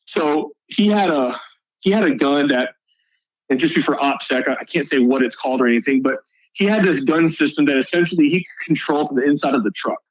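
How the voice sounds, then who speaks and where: A man's voice: a little high, brisk, no echo, rough recording. A male soldier guest on a podcast, telling a combat story in a casual, profane way.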